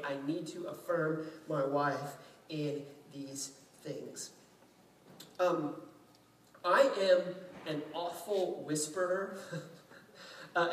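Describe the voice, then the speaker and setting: Guy preaching, kinda high voice, chatty and jokey, sounds far off in a big echoey room. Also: slight background noise. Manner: conversational, joking preaching. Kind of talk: sermon. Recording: roomy echo, distant mic, faint ambience.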